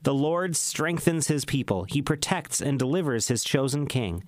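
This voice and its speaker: A man reading the Bible aloud in a measured, solemn way, slowing down on emphatic phrases. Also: mid-range voice, animated, no room sound. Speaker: scripture reader.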